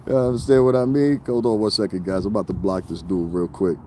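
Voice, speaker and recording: A man's voice: lowish voice, flat delivery, fast, warm tone, slight background noise. A man livestreaming outdoors by a street, ranting to his viewers in a mocking, confrontational way and laughing often. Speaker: livestreaming vlogger. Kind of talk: casual livestream rant to viewers.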